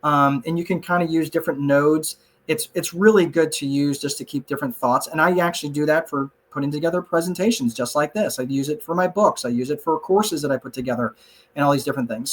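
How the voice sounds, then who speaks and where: A man's voice: fairly high pitch, fairly quick, slightly rough. Chatty man teaching an online class. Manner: conversational, frequent "look" and "right?" asides, self-joking. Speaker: class presenter. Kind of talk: casual online class, answering chat questions.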